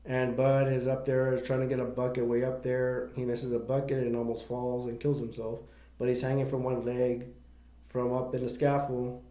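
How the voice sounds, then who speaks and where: A man's voice: medium pitch, flat delivery, normal speed, dark tone, reverberant. A man casually retelling the plot of a movie for a review, rambling with many fillers and restarts.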